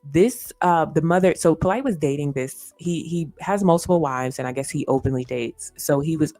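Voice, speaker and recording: A woman's voice: low voice, normal speed, warm tone, dry recording. A woman hosting a casual commentary livestream, earnest and repeating her points with lots of "you know" fillers. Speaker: host. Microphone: streaming setup.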